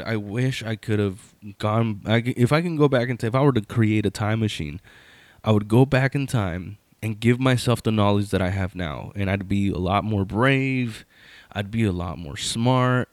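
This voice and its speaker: A man's voice: fairly low pitch, no room sound. A man in his thirties telling a childhood story in a casual, rambling way, full of fillers and restarts.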